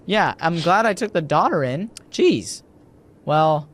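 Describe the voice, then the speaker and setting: A young man chatting excitably while playing a game and reading its text aloud. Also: on the high side, normal speed. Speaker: gamer. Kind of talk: let's play commentary.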